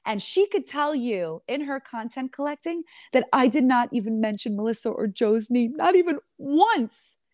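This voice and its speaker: Sassy, animated woman telling her side. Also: on the high side, normal speed, few pauses, dry recording, clean studio sound. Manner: animated, sassy, calls listener honey. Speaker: reality TV star giving an interview. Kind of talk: candid storytelling interview.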